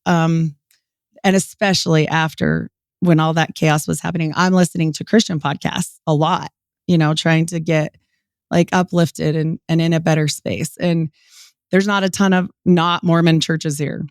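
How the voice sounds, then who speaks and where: A woman in her forties from Utah, a podcast guest telling her story in a lively way, acting out what people said and laughing often. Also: deep voice, normal speed, dry recording, studio quality. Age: 40s. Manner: animated, quotes people in lively voices, many "like" fillers. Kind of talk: storytelling interview.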